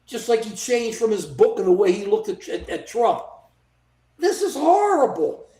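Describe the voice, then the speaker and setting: Livestream political co-host, indignant and animated, average pitch, roomy echoey sound. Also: normal speed. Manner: indignant, animated, mimics politicians in quoted asides. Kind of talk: casual political commentary. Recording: echoey room.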